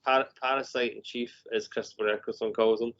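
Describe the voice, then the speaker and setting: A man's voice: mid-range voice, flat delivery, fairly quick, fairly bright tone. A man, a filmmaker guest, talking casually on a podcast, chatty with frequent laughs and restarts. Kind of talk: casual chat. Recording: dull lo-fi podcast audio.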